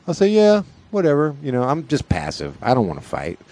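A man spins long, rambling stories in a casual chat, full of swearing and asides. His voice sits at a middling pitch for a man. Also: big pitch swings, fast, creaky, a little mellow. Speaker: festival security worker.

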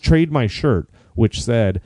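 Young male comic, mellow voice, dry close mic, casual rambling storyteller who swears a lot and does voices. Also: mid-range voice, animated, slow, dry recording. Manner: rambling, profane, acts out voices in his stories. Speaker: comedian guest.

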